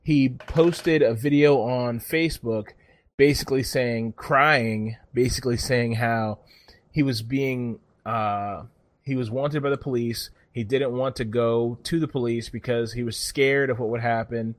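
A man's voice: mid-range voice, unhurried, no echo. Swearing, rambling man on a dry mic. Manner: profane, rambling, animated storytelling. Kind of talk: casual chat.

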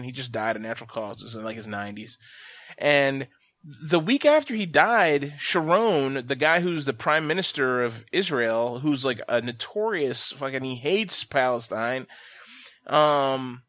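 A man with a fairly high voice rants on a casual podcast, swearing freely and speaking bluntly. His pitch and loudness jump around as he gets heated. The sound is dry and close, with no room echo. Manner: profane, ranting and blunt; animated, with quick swings in pitch and loudness. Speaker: podcast host.

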